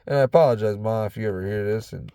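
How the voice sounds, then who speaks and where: A man's voice: lowish voice, quick pace, warm tone, clear, resonant tone, no echo. A man in his truck talking in a loose, rambling monologue, swearing heavily and slipping into a half-faked Southern drawl. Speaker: vlogger.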